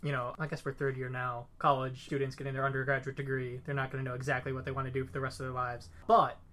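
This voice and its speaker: A young man in his twenties co-hosting a relaxed podcast. He talks in a playful, joking way and throws out questions, at a middle pitch that sits in the usual range for a man. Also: quick pace. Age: 20s. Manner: jokey, playful, asks questions. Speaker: podcast co-host. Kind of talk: casual chat.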